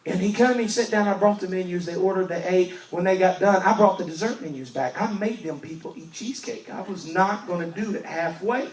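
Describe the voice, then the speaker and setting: Emphatic evangelist in a roomy church. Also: male voice, high voice, a little fast, few pauses. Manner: emphatic, swings from loud to hushed. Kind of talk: storytelling sermon. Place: church sanctuary. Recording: roomy church recording from a distance.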